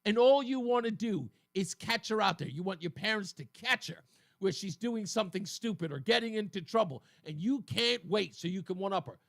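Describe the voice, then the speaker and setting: A male talk radio host speaks in a high, bright voice from a studio. He talks in an animated, mocking way and often breaks into laughter. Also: a little fast. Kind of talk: political talk radio monologue.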